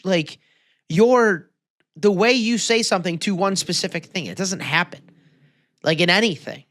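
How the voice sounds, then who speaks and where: A man co-hosting a podcast in casual chat, animated, often laughing and mocking fancy pronunciations. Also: high-pitched, moderate pace, pauses often, dry recording, clean studio sound. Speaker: podcast co-host.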